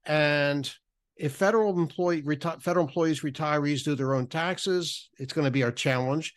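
A man's voice: a little high, normal speed. A man on a podcast explaining retirement tax rules, often restarting and repeating words as he goes. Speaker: podcast guest, federal benefits writer.

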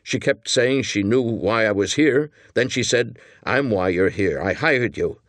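A nervous young hitman who pleads and pushes his plan , as a man reads him in an audiobook. His voice sits higher and swoops with worry. The sound is close and dry. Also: animated, a bit bright, no room sound. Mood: nervous pleading. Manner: earnest, pleading, talking fast. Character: nervous young male hitman partner, eager and jittery.

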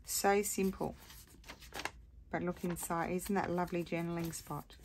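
A woman's voice: fairly low pitch, fairly even intonation, normal speed, a little hiss or hum. A tired woman rambling and thinking aloud as she hosts a casual crafting tutorial. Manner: chatty, rambling, thinks aloud while working.

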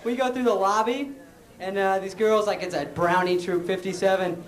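A young man performing a stand-up set on stage, sarcastic and quick with mocking asides. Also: sits high, steady tone. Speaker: stand-up comic. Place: stage before a live audience. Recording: roomy stage sound with crowd.

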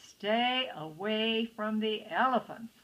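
A woman's voice: fairly low pitch, sing-song, unhurried, a bit bright, slightly rough, heavily acted, rough recording. A woman voicing a caring mother mouse in a storybook, giving a warning. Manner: cautionary.

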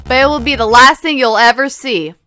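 A woman's voice: sits high, fairly quick, pushed and bright, soft background music. A woman voicing a cold, taunting male attacker in a game. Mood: menacing.

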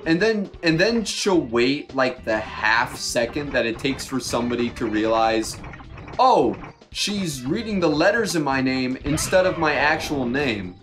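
A young man co-hosting a podcast, telling a work story in a casual, animated and exasperated way. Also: medium pitch, a little slow, over music. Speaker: podcast co-host.

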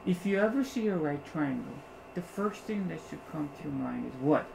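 A man teaching algebra to a class, animated, constantly asking rhetorical questions to check that students follow. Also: fairly high pitch, normal speed, vocal fry, background noise. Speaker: math teacher. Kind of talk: classroom lecture.

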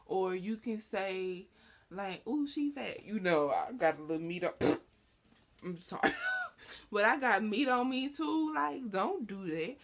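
Young woman, vlogger, casual and rambling delivery, animated impressions, mid-pitched. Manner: chatty and rambling, heavy on fillers; animated, acting out quoted lines in a higher voice. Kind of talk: casual chat to camera.

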